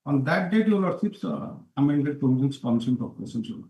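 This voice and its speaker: Halting lawyer in a roomy courtroom. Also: male voice, medium pitch, animated, warm tone. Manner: halting, deferential, keeps saying "your lordship". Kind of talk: courtroom argument.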